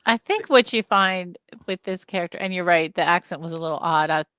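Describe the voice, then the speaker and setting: A woman's voice: lowish voice, fairly quick, fairly bright tone, clean tone, dry recording. A woman co-hosting a film podcast, talking earnestly and with empathy about a character. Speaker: podcast co-host. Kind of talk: casual film review chat.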